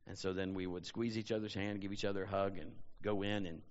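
A man's voice: sits low, level tone, fast talker, big-room sound, highs cut off, a little hiss or hum. A man preaching a sermon as a pastor, telling personal stories in a conversational way and often saying "you know". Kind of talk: sermon storytelling.

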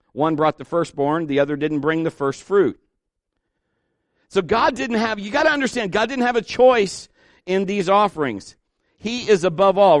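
Man, pastor, middle-aged, folksy sermon, emphatic repetition, slightly high voice, dry. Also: no echo. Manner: folksy, emphatic, repeats key words.

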